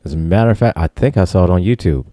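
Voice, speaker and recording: Deep mellow-voiced man, rambling. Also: expressive, rapid-fire, no echo. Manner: rambling, easygoing, many fillers. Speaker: podcast co-host. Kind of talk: casual chat.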